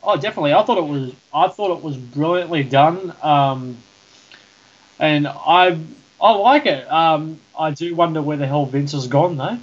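A man co-hosting a casual podcast, animated and acting out quotes. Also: a little high, moderate pace, dull audio. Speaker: podcast co-host. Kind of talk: casual chat.

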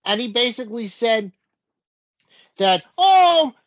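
A man's voice: high voice, expressive, slow, fairly bright tone. A man co-hosting a casual wrestling chat, recapping events in a rambling way with lots of fillers. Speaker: podcast co-host. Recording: dull lo-fi audio.

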